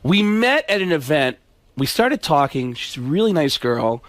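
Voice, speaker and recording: Male comic guest, fairly high voice, dry close mic, rambling storyteller. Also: very animated, normal speed, dry recording. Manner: rambling, storytelling, frequent restarts and laughs. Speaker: comedian guest. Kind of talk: casual radio chat.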